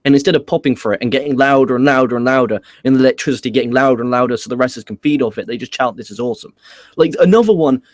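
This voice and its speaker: A man's voice: medium pitch, rapid-fire, hardly any pauses, no echo. A man with an English accent hosting a casual wrestling review, ranting and swearing as he talks. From England. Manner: profane, animated ranting. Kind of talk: casual podcast chat.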